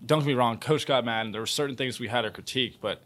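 Young male host, ordinary mid pitch, easygoing interviewer who keeps the chat moving. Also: fast, fairly bright tone. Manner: easygoing, prompting with questions. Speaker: podcast host, former teammate.

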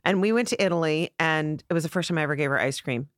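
A middle-aged woman, a comedian on a podcast, telling stories in an animated way and acting out the voices in them. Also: sits low, fast talker, no room sound, clean studio sound. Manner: animated storyteller, acts out voices. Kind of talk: casual storytelling chat.

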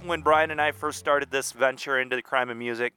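A man's voice: medium pitch, steady tone, brisk, bright, forceful tone, smooth. A man co-hosting a podcast in casual chat, rambling and playing dumb for laughs. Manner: rambling, plays dumb, goofy asides. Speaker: podcast co-host.

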